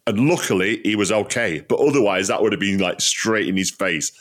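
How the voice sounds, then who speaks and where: A man hosting a podcast interview, telling an anecdote in an animated way and laughing through it. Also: fairly low pitch, a little fast, hardly any pauses. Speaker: podcast host. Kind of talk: casual interview chat.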